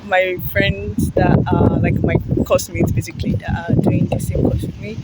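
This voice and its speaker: Out on a busy street, a young adult woman vlogs to her phone in a chatty, rambling way, laughing often as she talks to the camera. Her lowish voice shows little pitch movement and moves at a normal speed. Loud traffic noise surrounds the outdoor recording.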